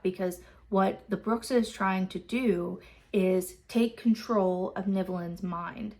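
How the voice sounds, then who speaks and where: A woman's voice: mid-range voice, fairly even intonation, slow, a little mellow. A woman hosting a book club, casually recapping a chapter in a loose, filler-heavy way and swearing freely.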